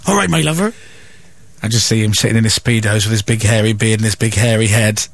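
A man's voice: lowish voice, completely flat delivery, no echo. A man hosting a radio show, trading teasing banter with a guest. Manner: teasing, quick-witted. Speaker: radio host. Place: radio studio.

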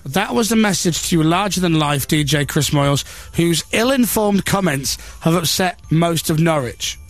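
A man with a slightly high, lively voice hosts a radio breakfast show from a studio, chatting on air and reading a newspaper story aloud with sarcastic, mocking, self-deprecating asides. He talks at normal speed with hardly any pauses. The studio microphone gives a clean sound with no echo and faint music in the background.

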